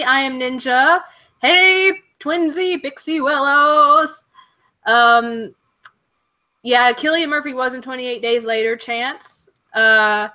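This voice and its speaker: A woman's voice: on the high side, sharp tone. A young woman from Alabama with a Southern accent, hosting a casual web chat and reading out viewer comments, with lots of "like" fillers. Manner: chatty, frequent "like" fillers. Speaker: host of a live web show.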